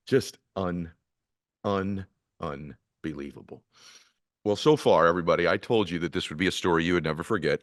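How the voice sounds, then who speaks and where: A male interview host reacting with quiet affirmations, then reflecting on the story. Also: extremely low pitch, dry recording, clean studio sound.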